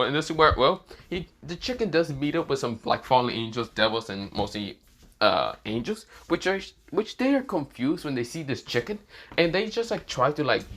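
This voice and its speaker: Dude rambling thru a fan story he's making up as he goes, casual, lots of filler, average pitch. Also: a bit bright. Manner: rambling, heavy fillers and restarts. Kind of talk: improvised casual fan-fiction retelling.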